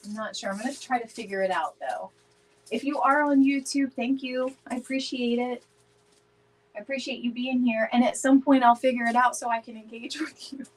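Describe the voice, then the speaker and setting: Woman, slightly high voice, chatty, laughs a lot, live craft stream. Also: normal speed, slight background noise, poor audio. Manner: chatty, laughs often, greets viewers by name. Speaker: DIY home decor live streamer. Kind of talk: casual live-stream chat while crafting.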